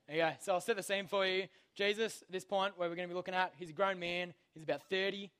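A man's voice: sits high, steady tone, fast talker, hardly any pauses, fairly bright tone, clean tone. A young man giving a casual, slangy Bible lesson to children, constantly checking in with "okay?". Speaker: youth Bible teacher.

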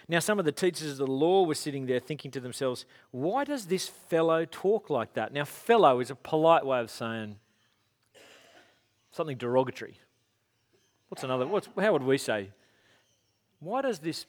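A man giving a casual, conversational sermon, telling stories and acting out quotes. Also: mid-range voice. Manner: casual, animated storytelling with acted-out quotes. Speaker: pastor.

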